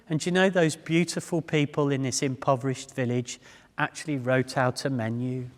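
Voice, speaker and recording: A man giving a public talk to a live audience, telling stories in an animated, self-deprecating way. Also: mid-range voice. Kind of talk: humorous storytelling talk. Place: large hall before a live audience. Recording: echoey hall with long reverb.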